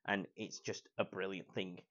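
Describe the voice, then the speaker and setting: An excited man talks through a movie review, heaping on praise in a fairly low voice. The recording is dull and lo-fi, with the top end missing. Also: normal speed. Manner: enthusiastic, repeats praise words, quotes scenes in put-on voices. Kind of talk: casual film review.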